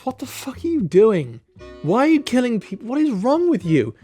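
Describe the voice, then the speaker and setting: A man voicing a defiant young woman rebel leader who shouts and swears in outrage. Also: extremely high pitch, huge pitch swings, moderate pace, faint music behind, pitched above the performer's own voice, heavily acted. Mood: outraged.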